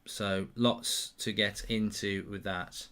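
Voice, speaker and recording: A man hosting a live football watchalong, reacting excitedly to chances and reading out viewer questions. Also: lowish voice, takes it slowly, clear, resonant tone. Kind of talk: live match commentary and chat with viewers.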